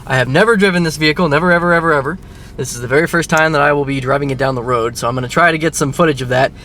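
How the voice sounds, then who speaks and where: A man with a fairly high, bright, pushed voice talks in rapid-fire bursts, with a little hiss or hum in the background. He vlogs his car repair on a handheld camera mic, first standing by the car and then driving it, chatty and wry with some mild grumbling.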